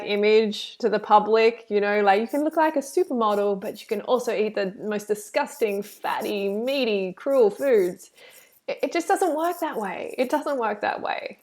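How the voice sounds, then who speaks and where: A woman reacting to a video and reading her live chat, animated and preachy, full of "like" and "you know". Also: fairly high pitch. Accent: Australian. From Australia.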